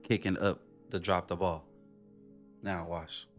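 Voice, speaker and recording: A man's voice: level tone, takes it slowly, soft background music. Blunt, profane man reacting to clips. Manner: blunt, profane, incredulous, often mimics in a high voice. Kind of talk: casual reaction commentary.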